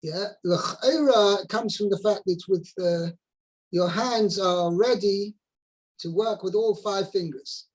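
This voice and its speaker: A man with a notably high voice guides a student through a text, translating phrase by phrase. His explanations are patient and methodical. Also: slow pace, low-quality recording. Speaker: teacher. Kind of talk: explaining a text in a study session.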